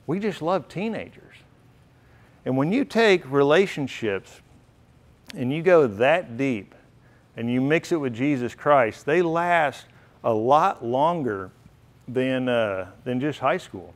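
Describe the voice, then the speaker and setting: A man's voice: mid-range voice, expressive, slow pace. A middle-aged man giving an earnest, heartfelt storytelling speech at a banquet. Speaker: banquet speaker. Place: banquet hall.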